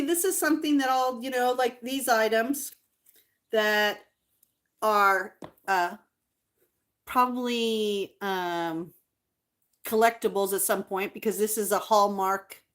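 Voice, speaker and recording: A middle-aged woman vlogger chatting casually to her viewers, rambling with fillers and doting warmly over old collectibles. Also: a little high. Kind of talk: casual livestream chat.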